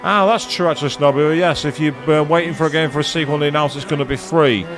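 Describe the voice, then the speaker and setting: A man's voice: fairly high pitch, fairly even intonation, fast, music in the background. A man giving casual live commentary on a video game, chatting to viewers and swearing now and then. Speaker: let's play streamer.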